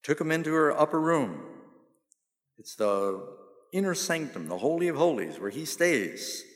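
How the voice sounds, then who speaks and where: A male pastor preaching a sermon, asking the audience questions and answering them himself, and slowing down to stress key phrases. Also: a little high, big pitch swings. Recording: long reverb of a large hall.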